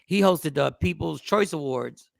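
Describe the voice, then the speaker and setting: A man co-hosting a casual chat, telling stories with animation and bursts of shouting. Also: fairly high pitch, unhurried, creaky, dry recording, studio quality. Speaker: podcast co-host.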